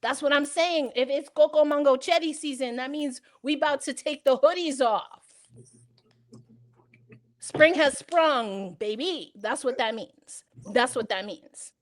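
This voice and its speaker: A woman with a New York accent co-hosting a podcast, chatting in a playful, slangy, animated way. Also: high voice, normal speed. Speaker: podcast co-host. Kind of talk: casual chat.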